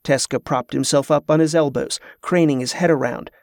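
A man reading a fantasy audiobook in a steady, measured voice, his pitch a touch above the usual for men. The recording is dry and close, with no room sound. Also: no room sound. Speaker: narrator.

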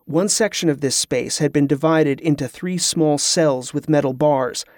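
A man narrating an adventure novel in an even, measured storytelling manner. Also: on the high side, no room sound, clean studio sound. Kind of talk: audiobook narration.

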